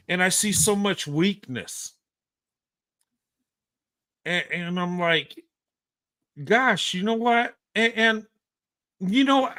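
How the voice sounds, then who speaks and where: Bright, forceful and high-pitched, this man's voice carries the fiery commentary of a live-show host. He's emphatic and blunt, stammers and restarts his thoughts, and drops the occasional swear word.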